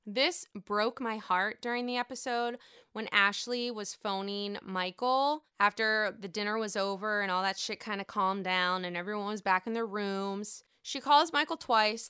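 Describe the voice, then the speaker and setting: A woman recaps a reality show in a blunt, profane, animated way. Her voice is bright and crisp, set a little high. The sound is close and dry. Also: dry recording. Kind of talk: casual opinionated recap.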